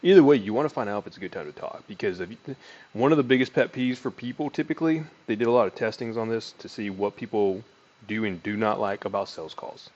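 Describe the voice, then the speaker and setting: A man teaching sales call scripts in a casual, conversational way, with deliberate filler words and a voice that swings up and down in inflection. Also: dull audio. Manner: lively inflection, pitch rising and falling. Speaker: sales trainer. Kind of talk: casual teaching monologue with role-played call lines.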